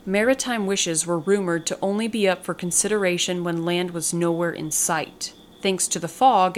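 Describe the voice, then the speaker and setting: A woman hosting a podcast and reading a short story aloud in a measured, descriptive way. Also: lowish voice, a little hiss or hum.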